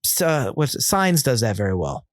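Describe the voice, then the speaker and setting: A man's voice: medium pitch, sing-song, no room sound, studio quality. A man co-hosting a film podcast, talking casually and bluntly about what he disliked, with frequent restarts. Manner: opinionated, critical, halting restarts. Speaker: podcast co-host.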